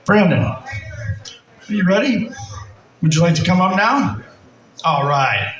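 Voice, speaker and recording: A man's voice: high voice, unhurried. A man hosting an open-mic night at a bar, telling a joke and acting out its characters. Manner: animated storyteller, acting out characters. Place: small bar stage. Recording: echoey bar from a distant mic.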